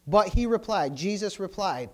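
A middle-aged man, preaching a sermon with call-and-response, repeated hallelujahs, and swings from loud exclamations to soft asides. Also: high voice, lively intonation, moderate pace.

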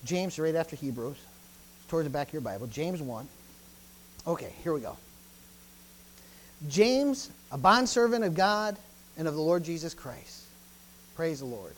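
A pastor in full sermon, voice pitched in the middle but swinging from booming emphasis down to quiet asides. Praise phrases come again and again between points. A faint hum sits under the recording. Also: animated, measured pace, long pauses.

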